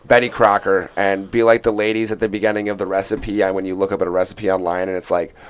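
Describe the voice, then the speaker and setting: A young man hosts a casual sports podcast, riffing and joking with his co-hosts. His voice sits a little low, and he rambles with plenty of fillers and self-corrections. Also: little pitch movement, quick pace, clean tone. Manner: rambling, jokey, lots of fillers and restarts. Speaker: podcast host.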